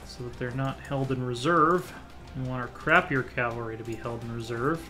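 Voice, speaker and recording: A man narrates his own strategy game session in a casual, offhand way. He thinks out loud, restarts his sentences and mutters plans as he goes. His voice sits at an ordinary middle pitch, with faint music playing behind him. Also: normal speed. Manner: thinks aloud while clicking through menus, muttering half-finished plans. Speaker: let's play host. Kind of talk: casual gameplay commentary.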